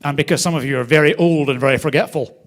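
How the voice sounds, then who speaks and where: A man hosting a charity event, speaking to a live audience from a theater stage in a lively, storytelling way. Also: a little high, fast. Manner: animated storyteller, varied loudness. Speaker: charity host.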